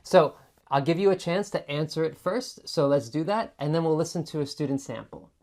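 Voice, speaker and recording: A woman's voice: low voice, fairly quick, darkish tone. A woman tutor explaining test answers in a chatty teaching manner, demonstrating intonation by repeating words. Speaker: TOEFL tutor. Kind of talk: explaining student sample answers.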